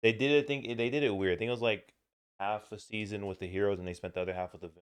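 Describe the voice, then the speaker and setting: Young man, podcast co-host, casual chat, laid-back, swears freely, low voice, smooth tone. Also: fairly even intonation, very fast.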